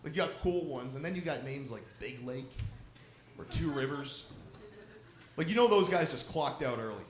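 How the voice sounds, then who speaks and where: A man's voice: lively intonation, moderate pace, slight background noise. A man doing a stand-up set on stage with a handheld mic, brash and crowd-teasing, swearing freely. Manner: brash, crowd-teasing, swearing, puts on drunk and squeaky voices. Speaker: stand-up comedian. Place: lodge venue with live audience. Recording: roomy live venue with crowd. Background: audience laughing.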